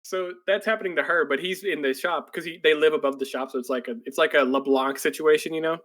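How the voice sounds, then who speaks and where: A man with a slightly raised voice talks through a story in a loose, rambling way. He leans on "like" constantly while chatting on a podcast. When he quotes characters, he jumps into excitable, breathless put-on voices. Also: a little high, fast. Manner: rambling, filler-heavy storytelling with many "like"s. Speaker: podcast co-host. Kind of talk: casual chat retelling an anime plot.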